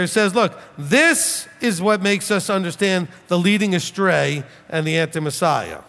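Male rabbi preaching, emphatic and animated, voice ringing in a large hall. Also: fairly high pitch. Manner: emphatic, rhetorical questions, mocking imitations of critics. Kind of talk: sermon. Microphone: preaching without notes, standing. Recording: long hall reverb.

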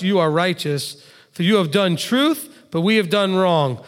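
A man's voice: high-pitched, moderate pace. A man, a father, preaching a sermon and teaching verse by verse in a conversational way, with direct asides to the listeners. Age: adult father of two. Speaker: pastor. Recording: long hall reverb.

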